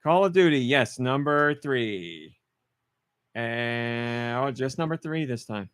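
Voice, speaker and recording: A man's voice: medium pitch, animated, slow pace, a bit bright, smooth, dry recording. A man hosting a casual podcast, running a guessing game with playful teasing. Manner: playful, teasing quiz-master. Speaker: podcast host.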